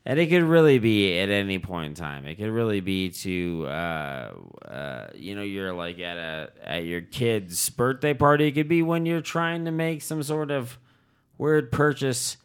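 Deep, smooth-voiced man rambling crudely. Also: unhurried. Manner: rambling, crude, deadpan storytelling with mock-dismayed asides. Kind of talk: casual comedic chat.

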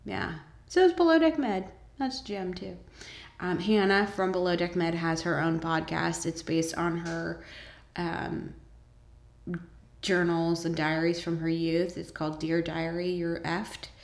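Woman vlogger, casual chat full of ums and bursts of enthusiasm, slow pace, echoey room. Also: lowish voice, flat delivery, vocal fry. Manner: chatty, lots of ums, enthusiastic asides. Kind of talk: casual chat about shows and books.

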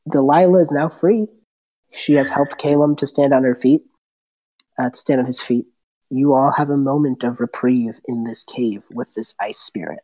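A woman game master narrating a tabletop game in a relaxed, descriptive way. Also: rumbling low, moderate pace, low-quality recording. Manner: relaxed, descriptive, some restarts.

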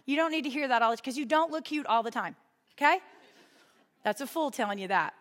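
A woman's voice: sits high, animated, quick pace, fairly bright tone. Woman, young adult, sermon, chatty and funny, questions to the crowd, long hall echo. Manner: conversational and humorous, asks the audience questions. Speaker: women's ministry speaker. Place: hall with a live audience.

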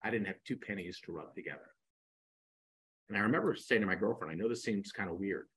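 A man in his sixties, a podcast guest, telling animated stories and acting out the dialogue. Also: lowish voice, quick pace, breathy edge, poor audio. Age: 60s. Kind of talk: storytelling in a podcast interview.

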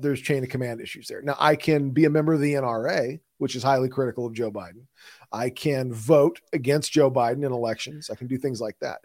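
A man with a Midwestern American accent co-hosts a podcast, explaining things at length in a blunt, chatty, casual way with some mild cursing. His voice is mid-range with a darkish tone.

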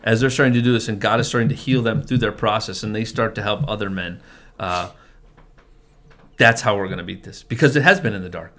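A middle-aged family pastor who leads a men's group shares his testimony earnestly in casual conversation, frequently restarting and repeating words. His voice is lowish and sharp, and he talks a little fast.

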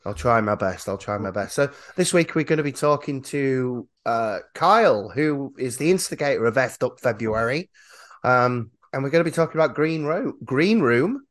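Guy with a hoarse lost voice hosting a podcast, jokey, keeps restarting, mid pitch. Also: animated, normal speed, a bit bright. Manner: jokey, self-deprecating, stumbling restarts. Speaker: podcast host. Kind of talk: casual podcast chat.

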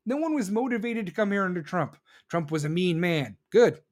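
A man's voice: sits high, expressive, normal speed. A man doing a heated, sarcastic and profane political rant, reading viewer comments and mocking others.

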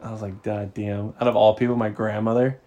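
A man's voice: fairly low pitch, flat delivery, brisk, dark tone, lo-fi sound. A man in his twenties, a podcast co-host, telling a story in casual slang with lots of swearing and laughter.

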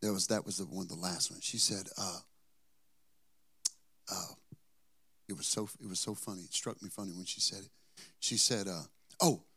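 A man preaching as a pastor, telling a story, moving between quiet asides and emphatic points. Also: deep voice, steady tone, normal speed, long pauses, husky. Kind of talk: sermon with personal storytelling.

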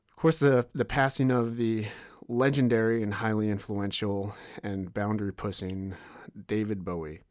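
This young podcast host has a fairly low, somewhat mellow voice, captured in a dry, studio-quality recording. He opens his solo show casually, rambling along with plenty of fillers and restarts.

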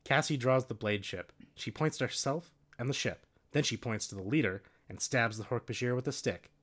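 A man's voice: mid-range voice, normal speed, fairly bright tone. A man casually reading a storybook aloud with a friend, breaking into jokes and laughter. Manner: laughing, joking asides. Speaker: reader.

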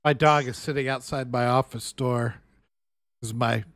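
A man's voice: medium pitch, fairly even intonation, a little slow, fairly bright tone, dry recording, studio quality. A man in his forties, co-hosting a live show from his home office, joking in a wry, laid-back way. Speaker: podcast co-host. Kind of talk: casual live-show banter.

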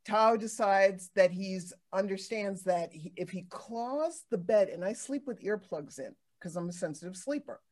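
A woman hosting a casual talk show, telling stories in an animated way with many restarts and fillers. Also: medium pitch, a little slow, few pauses. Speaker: podcast host. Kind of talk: casual chat.

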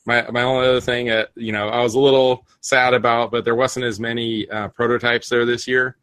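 A man's voice: mid-range voice, little pitch movement, fairly quick, a bit bright, clean tone, no room sound. A man hosting a casual podcast chat, rambling with frequent restarts and fillers. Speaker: podcast host.

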